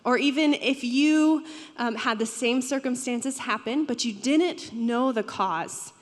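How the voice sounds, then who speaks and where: A woman's voice: a little high, unhurried. A young woman pastor giving a sermon in a church, talking in a conversational way and asking the audience questions. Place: church hall. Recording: long hall reverb.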